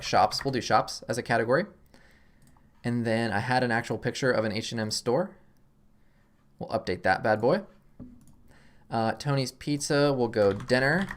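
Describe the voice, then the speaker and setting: A man hosting a casual screen-recorded software tutorial, thinking aloud as he clicks, relaxed and self-deprecating. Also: mid-range voice. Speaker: tutorial host.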